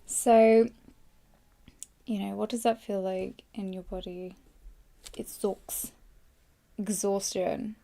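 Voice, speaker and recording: A woman, hoarse, hosting a casual live journaling session on a podcast in a rambling, chatty way with lots of fillers. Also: mid-range voice, steady tone, slow, long pauses, mellow. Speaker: podcast host.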